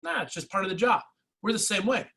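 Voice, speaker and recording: A man giving a motivational real estate coaching talk, energetic and repetitive, speaking straight to his agents. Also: sits high, fast, vocal fry, breathy edge, low-quality recording. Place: training session.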